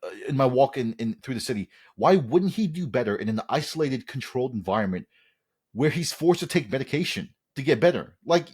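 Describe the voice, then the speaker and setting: Husky-voiced man on a podcast. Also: medium pitch, lively intonation, a little fast. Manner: forceful, profane. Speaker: podcast host. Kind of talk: casual chat.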